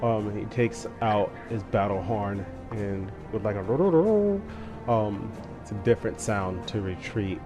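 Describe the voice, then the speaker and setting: A man running a tabletop game as game master, narrating in a relaxed, hesitant way with many fillers. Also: fairly low pitch. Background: music.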